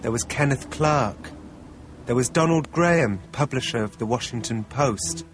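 A man narrating a documentary in the first person, in a wry, measured way. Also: mid-range voice.

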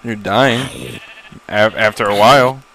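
A young man with a lowish, somewhat bright voice plays a game for the first time and comments slowly and casually, rambling as he goes. He runs himself down, jumps at surprises and swears when caught off guard; his laptop recording is poor, with slight background noise.

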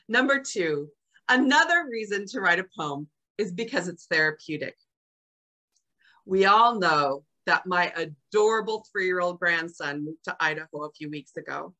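Expressive older woman giving a slow, lively speech. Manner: expressive, acts out quoted lines with big pitch jumps. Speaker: club speaker. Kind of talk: prepared speech reciting her own poems.

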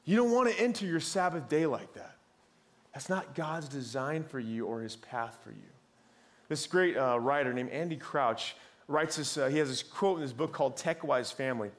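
A man's voice: a little high, expressive, moderate pace. A man in his thirties preaching a sermon in a conversational way, often repeating words as he goes. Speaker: pastor. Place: church.

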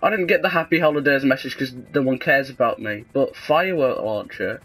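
A young man with a sarcastic, deadpan manner, casually commentating a video game and breaking into sudden excited yelps. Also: mid-range voice, fairly quick, husky, soft background music, poor audio. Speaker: gaming video host.

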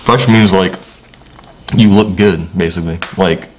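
A man's voice: low-pitched, a little slow, a little hiss or hum, low-quality recording. A young man in a casual family chat, answering trivia questions in a laid-back way with short answers.

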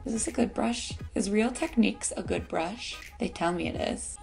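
A woman's voice: a little high, lively intonation, moderate pace, few pauses, darkish tone, faint music behind. A woman doing a casual makeup tutorial. She talks in a playful, silly way to her pet bird and makes self-mocking asides. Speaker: beauty vlogger.

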